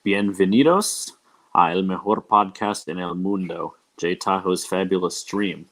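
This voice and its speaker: Young man, very deep voice, podcast host, loose rambling chat. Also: a little slow. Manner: loose and rambling, many ums and uhs. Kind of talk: casual livestream podcast chat.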